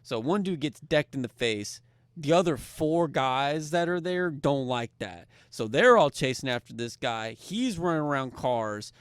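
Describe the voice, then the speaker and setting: Casting: man, podcast co-host, swears freely, lively storyteller, dry close sound. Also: medium pitch, measured pace, clean tone, dry recording. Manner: profane, animated storytelling. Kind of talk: casual storytelling chat.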